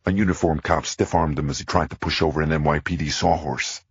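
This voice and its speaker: Audiobook narrator, man, extremely deep husky voice, tense thriller read. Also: steady tone, no room sound, dull audio. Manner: tense, measured. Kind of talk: first-person scripted thriller narration.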